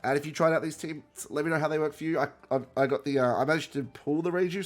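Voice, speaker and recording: A man with a stuffy, nasal voice from being sick talks through a video game in a loose, chatty way. He often stops, corrects himself and wanders off topic. Soft music plays faintly behind him. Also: a little high, fairly even intonation, very fast. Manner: rambling, self-correcting, chatty. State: sick with a cold. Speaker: gaming content creator. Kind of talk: casual gameplay commentary.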